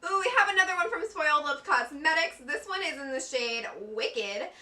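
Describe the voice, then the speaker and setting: A woman's voice: high voice, expressive, moderate pace, pushed and bright, far from the mic. A young woman beauty vlogger gushing through a makeup unboxing. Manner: gushing, effusive, giggly. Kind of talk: excited unboxing vlog. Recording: echoey room, a bit off-mic.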